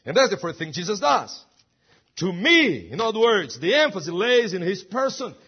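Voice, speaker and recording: A man's voice: high-pitched, sing-song, normal speed, husky, highs cut off. A man preaching a sermon, emphatic and full of rhetorical questions. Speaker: pastor.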